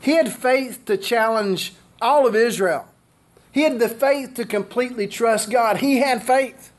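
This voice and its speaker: A man's voice: extremely high pitch, measured pace. An older man preaching a sermon as pastor, driving his points home with repeated rhetorical questions.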